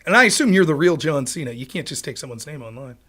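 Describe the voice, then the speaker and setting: Rapid-fire man with a raised voice. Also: on the high side, expressive, a bit bright. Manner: rapid-fire, profane, bursts into sped-up talk. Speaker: livestream host. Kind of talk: casual livestream commentary.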